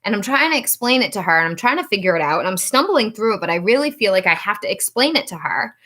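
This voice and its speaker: Bright-voiced woman storytelling. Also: fast talker, hardly any pauses. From Rhode Island. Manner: animated, acts out quoted dialogue with rising pitch. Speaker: psychic reader and channel host. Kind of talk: casual storytelling to camera.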